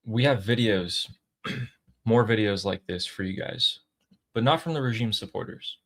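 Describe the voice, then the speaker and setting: A man's voice: fairly low pitch, a little slow. A man hosting a political commentary talk, with a mocking, conversational manner. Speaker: host.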